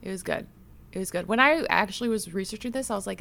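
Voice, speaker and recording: A woman co-hosts a true crime podcast, wrapping up a case in loose, chatty conversation. Her voice carries a gravelly, creaky fry, and she talks at an average pitch with an easy, laughing manner. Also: fast talker, a bit bright, a little hiss or hum. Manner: chatty, laughs easily, mimics pronunciations. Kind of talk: casual podcast chat.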